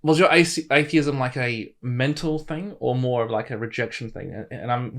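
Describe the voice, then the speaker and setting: A man's voice: mid-range voice, moderate pace, fairly bright tone. A young adult man hosting an interview, asking long rambling questions packed with fillers. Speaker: podcast host and interviewer. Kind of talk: casual interview chat.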